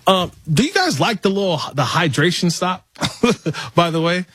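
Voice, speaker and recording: A man's voice: high voice, lively intonation, unhurried, a bit bright, husky, dry recording. A man filling in as host of a sports talk show, chatting casually and laughing with jokey asides. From Los Angeles area. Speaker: fill-in radio show host.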